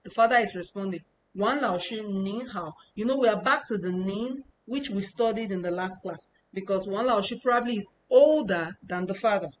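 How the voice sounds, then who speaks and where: Woman, informal teacher, walks students through each point and goes over it again, medium pitch. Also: moderate pace, hardly any pauses, slight background noise, low-quality recording. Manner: explanatory, repeats points, talks them through step by step. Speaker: language teacher. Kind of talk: informal online lesson.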